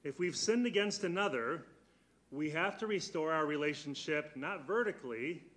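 A man leading a church Bible study speaks earnestly and expressively, his voice slightly high and a bit bright. He keeps questioning the class and slows his delivery to lean on important words.

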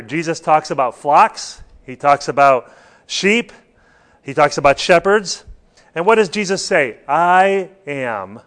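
A man's voice: fairly high pitch, fairly bright tone. A man preaching a sermon, stressing points and putting questions to his listeners. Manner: rhetorical questions to the congregation, emphatic.

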